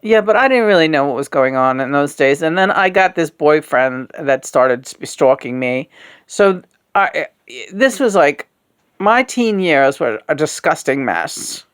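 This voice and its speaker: A woman's voice: low-pitched, expressive, unhurried, clear, resonant tone. A woman in her sixties, a host of a puppet show, talking in a frank, rambling, casual way, full of fillers and swearing. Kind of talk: casual candid conversation.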